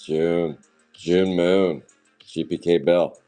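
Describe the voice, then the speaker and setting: A man's voice: deep voice, steady tone, slow, warm tone, faint music behind. Rambling man streaming a card break. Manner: rambling, sidetracked anecdotes. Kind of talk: casual live-stream chat.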